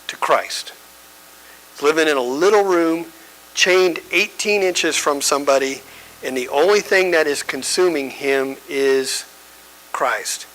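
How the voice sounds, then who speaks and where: Bright-voiced man teaching Bible study. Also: fairly high pitch, low-quality recording. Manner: conversational, emphatic, checks in with the audience. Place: church.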